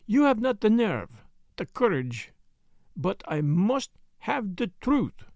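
A man doing Hercule Poirot, sharp French-accented detective. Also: high voice, sing-song, slow pace, no room sound, clean studio sound, voice pushed up, exaggerated voice. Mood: measured. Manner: precise, needling questions with sudden sharp jabs. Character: shrewd middle-aged Belgian detective, probing and self-assured. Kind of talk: audiobook character voice.

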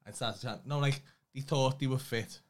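A man in relaxed conversation, spinning a long comic anecdote with lots of swearing. His voice sits at an ordinary middle pitch, and he talks loosely and chattily. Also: normal speed. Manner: rambling anecdotes, heavy swearing. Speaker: comedy podcast co-host. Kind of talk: casual storytelling chat.

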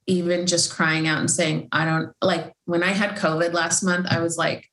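A woman's voice: lowish voice, little pitch movement, normal speed, fairly bright tone, reverberant, low-quality recording. A woman, an author, talking casually and heartfelt about faith, rambling with many fillers and restarts. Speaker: Christian author and podcast host.

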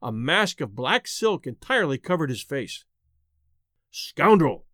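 A man reads a gothic tale aloud in a high, highly expressive voice that rises and falls freely. He keeps a measured pace and slows down to weigh key phrases. The sound is dry and close. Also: no room sound. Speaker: narrator. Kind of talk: dramatic reading of a gothic tale.

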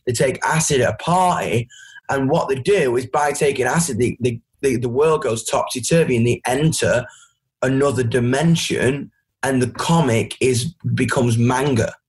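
A man with a Yorkshire accent, a guest musician chatting loudly and casually in an interview, rambling and swearing freely. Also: medium pitch, normal speed, husky. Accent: Yorkshire English. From Doncaster, England.

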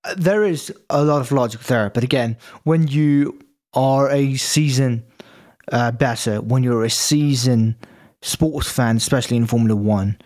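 A man with a non-native English accent, co-hosting a betting podcast and calmly laying out his picks. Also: medium pitch, a little slow. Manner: matter-of-fact, repeats key figures. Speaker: betting analyst co-host. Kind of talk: casual sports betting chat.

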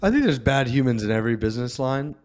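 A man speaking as a venture capitalist on a panel discussion, casual and loose, with many fillers and animated asides. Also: medium pitch, fast.

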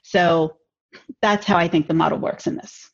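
Reflective husky woman guest, forties, dull lo-fi remote sound. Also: fairly low pitch, steady tone. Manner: measured, reflective. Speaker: podcast guest. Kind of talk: casual podcast conversation.

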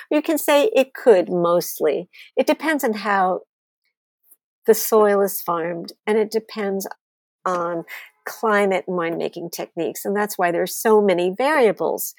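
Blunt, animated woman telling stories. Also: mid-range voice, unhurried, no room sound, clean studio sound. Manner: animated, blunt, swears freely. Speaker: wine author and guest. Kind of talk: storytelling interview talk.

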